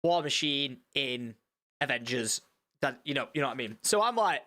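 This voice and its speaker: A young man telling a story on a live stream, animated and rambling, with swearing and many restarts. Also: medium pitch, moderate pace.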